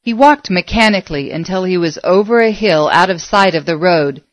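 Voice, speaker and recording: A woman narrates a story in a measured, expressive way. Her voice sits fairly low, and the recording is dry and close, with no room around it. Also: no room sound. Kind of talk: audiobook narration.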